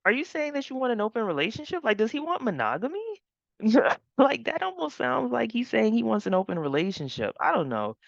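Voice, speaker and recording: A woman's voice: on the high side, wildly swooping pitch, brisk, gravelly, dry recording, dull audio. A woman host recapping a reality TV episode in casual commentary, chatty and laughing often.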